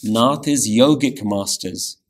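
A man teaching a weekly scripture class, patiently explaining meanings and repeating words slowly to show how they are pronounced, often checking in with "yeah?". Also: mid-range voice. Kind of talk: scripture lecture.

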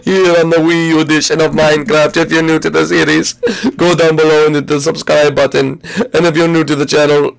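A man hosting a gaming channel, talking in a rushed, self-correcting casual style. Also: on the high side, little pitch movement, vocal fry, low-quality recording. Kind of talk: casual let's-play commentary.

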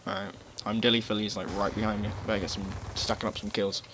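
A man giving casual live commentary over his gameplay, rambling, swearing and breaking into loud outbursts. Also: fairly low pitch, little pitch movement, quick pace. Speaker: gaming commentator. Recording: game gunfire noise behind voice. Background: gunfire and explosions from the game.

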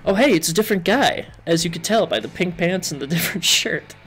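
A young man hosts a gaming video, giving playful, joking let's-play commentary as he works through a game and chatting with its characters. His voice is high-pitched and a bit bright.

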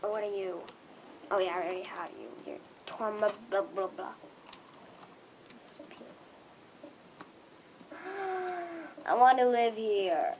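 A young gaming creator commenting excitedly on their own play, with gushing, squealing bursts of excitement. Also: medium pitch, moderate pace, a little hiss or hum, poor audio.

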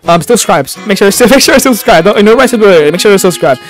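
A young man doing horror game commentary in a high voice. He is excitable and jumpy, breaking into panicked yelling as the game chases him. Faint game music plays behind him. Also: fast. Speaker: gaming YouTuber.

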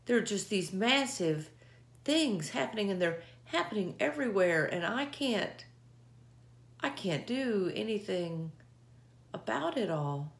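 A woman speaking in an earnest, heartfelt way, giving a reflective devotional talk with scripture readings, often pausing and restarting. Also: medium pitch. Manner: earnest, heartfelt, halting with pauses.

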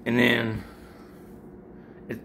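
In a monotone at an extremely slow pace, a middle-aged man speaks with medium pitch, vocal fry, and a bright, forceful tone over a little hiss or hum. He's a vlogger giving supplement advice, winded after exercising, rambling casually about workout gear and supplements and restarting his sentences.

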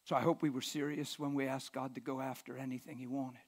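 A man preaching a live sermon in a church, emphatic, often dropping to a hushed whisper. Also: medium pitch, flat delivery, quick pace. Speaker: pastor.

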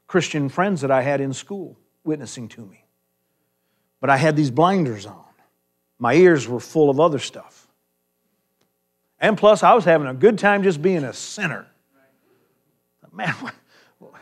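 Joking pastor man preaching a sermon. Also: on the high side. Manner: storytelling, jokey asides. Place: church sanctuary.

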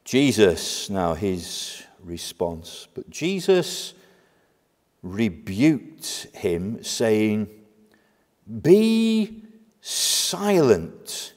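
Slow, emphatic preacher. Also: male voice, fairly low pitch, big pitch swings, a little mellow. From half Greek heritage. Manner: emphatic, with dramatic pauses and asides. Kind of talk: sermon. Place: church. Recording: long church reverb.

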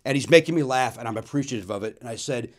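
A man in his fifties, a comedian and show host, telling a comic story with sudden loud outbursts and quick asides. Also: mid-range voice.

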